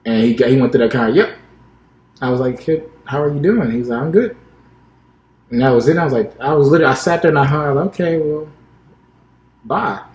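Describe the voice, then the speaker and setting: A man's voice: mid-range voice, very fast, darkish tone. A young man, a podcast co-host, telling a personal story in casual chat and acting out the dialogue. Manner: acts out quoted dialogue, restarts often. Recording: echoey room.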